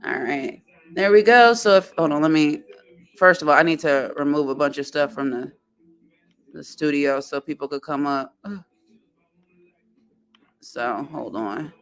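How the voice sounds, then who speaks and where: A woman hosting a casual livestream, chatting in a halting way and greeting viewers one by one. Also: deep voice, smooth. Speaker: livestream host.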